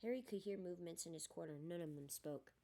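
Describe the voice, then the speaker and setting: A woman reading a novel aloud in a steady storytelling manner. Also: on the low side, fast, creaky. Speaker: audiobook reader. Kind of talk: storybook narration.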